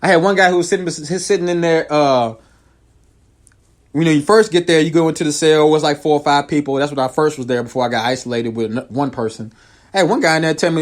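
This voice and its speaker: A man who works as a comedian and show host speaks fast as he relates something that happened to him, addressing his viewers casually and with energy. His voice veers from loud, high exclamations down to quiet, low asides.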